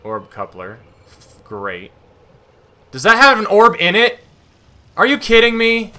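A man's voice: high-pitched, huge pitch swings, slow pace, sharp tone. A man giving casual gameplay commentary, exasperated and swearing as he rants at the game. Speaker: gaming streamer.

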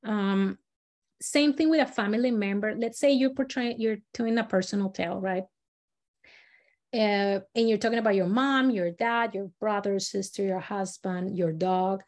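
This woman has a medium-pitched, slightly mellow voice and speaks at a moderate pace. Running a storytelling workshop in a casual teaching style, she's chatty, uses lots of fillers, keeps restarting sentences, and acts out her examples.

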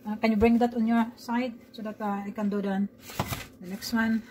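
A woman's voice: a little high, little pitch movement, normal speed, noisy background. A woman talking her daughter through baking pies in a home kitchen, chatty and coaxing. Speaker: home cook and mother. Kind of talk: casual cooking vlog.

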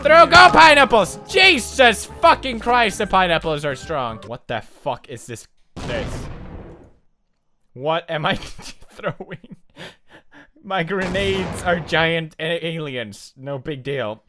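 A man giving excitable let's play commentary over a video game, laughing a lot and breaking into shouts. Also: fairly high pitch, slow, over music. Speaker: gaming commentator.

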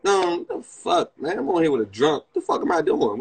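A young livestream host with a Washington DC area accent roasts a guest in casual chat, brash, profane and mocking. His voice sits on the high side with wildly swooping pitch, and he talks fairly quickly, barely pausing. The recording is rough.

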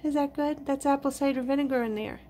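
A high-sitting, mellow female voice moves at a quick pace with slight background noise. The speaker, a pet vlogger at home at night, talks to her pets in a sing-song baby voice and chats casually with viewers.

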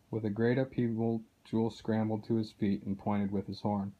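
Male storybook narrator, steady even reading, very mellow tone, flat pitch. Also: moderate pace, few pauses, breathy edge. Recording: dull lo-fi recording.

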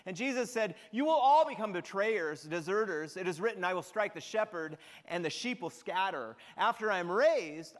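A high-voiced man preaching with a lively, swooping delivery as he retells scripture. His sermon rings with the long reverb of a church hall. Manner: expressive storytelling, retelling scripture dramatically. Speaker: pastor. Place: church sanctuary.

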